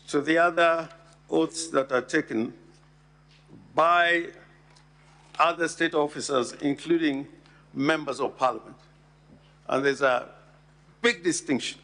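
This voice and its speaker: Guy addressing the senate, highish voice, slow and deliberate, hammers his key words. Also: a bit bright. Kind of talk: formal address at an impeachment hearing.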